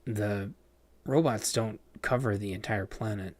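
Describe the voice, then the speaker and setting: A man's voice: on the low side, measured pace, a little mellow, dry recording. A man casually chatting on a livestream while playing a game, rambling with lots of fillers and restarts. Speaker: game streamer.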